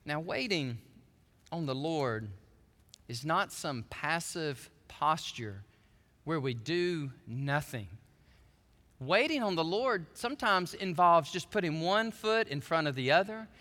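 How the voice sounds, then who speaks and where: Impassioned preacher man, high bright voice. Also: takes it slowly, big-room sound. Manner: swings from calm reading to impassioned shouting, briefly singing. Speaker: pastor. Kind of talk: sermon. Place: church sanctuary.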